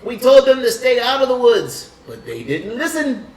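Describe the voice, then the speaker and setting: A man voicing an excitable male farmer on a village council, folksy and emphatic. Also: extremely high pitch, moderate pace, reverberant, distant mic, voice pushed up, poor audio. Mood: agitated.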